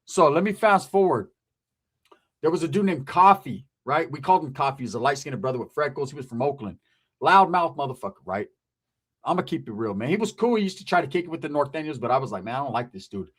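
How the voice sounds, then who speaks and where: A man's voice: on the high side, quick pace, breathy edge. A man from California telling a story in a casual, profane way, acting out other people's voices. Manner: profane, animated, acts out quoted voices. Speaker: guest recounting his past.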